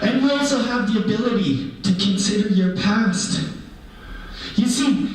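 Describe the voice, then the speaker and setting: Man voicing a high, playful animal-person teller, distant and echoey. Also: measured pace. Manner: playful, animated, full of humor. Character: cheerful animal-person storyteller, male, ageless. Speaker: storyteller. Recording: echoey hall from far off.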